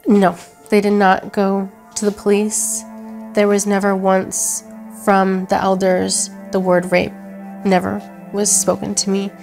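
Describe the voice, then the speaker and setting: Young woman interviewee, soft and halting, faint music bed. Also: medium pitch, monotone, gravelly. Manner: soft, halting, emotional retelling. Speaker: interviewee, abuse survivor. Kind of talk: documentary interview.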